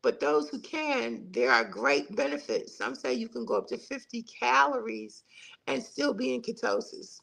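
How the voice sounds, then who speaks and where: Gravelly middle-aged woman chatting live. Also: on the high side, wildly swooping pitch, moderate pace, pushed and bright, poor audio. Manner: chatty, folksy, reads viewer comments aloud. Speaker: livestream host. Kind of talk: casual live-stream chat.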